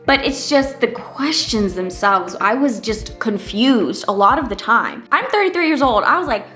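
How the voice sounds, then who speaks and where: A woman's voice: fairly high pitch, expressive, moderate pace, few pauses, fairly bright tone, soft background music. Chatty woman in her thirties vlogging. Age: 30s. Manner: chatty and candid, many fillers and asides. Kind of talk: casual personal story vlog.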